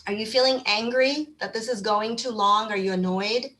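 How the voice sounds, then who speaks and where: A woman's voice: a little high, moderate pace. Encouraging woman giving a wellness talk. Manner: encouraging, conversational, animated when acting out feelings. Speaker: mental health speaker. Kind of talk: online panel talk.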